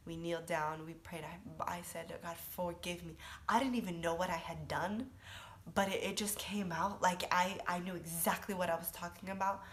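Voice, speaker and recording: Emotional young woman with lower voice. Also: a bit bright. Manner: emotional, halting, many restarts and fillers; drops to breathy whispers at intense moments. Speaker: vlogger sharing a personal testimony. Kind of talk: personal testimony, casual talk.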